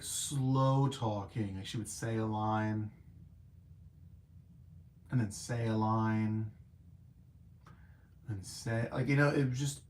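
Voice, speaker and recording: Over a little hiss or hum, a mid-range male voice carries a relaxed livestream film review. He keeps it animated and chatty, heavy on fillers and self-mocking asides.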